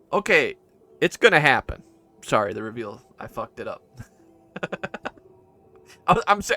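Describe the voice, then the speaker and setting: A man's voice: on the high side, sharp tone, dry recording. A man running a tabletop game, narrating casually and rambling with lots of fillers and restarts. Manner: mutters to himself while searching notes. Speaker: game master.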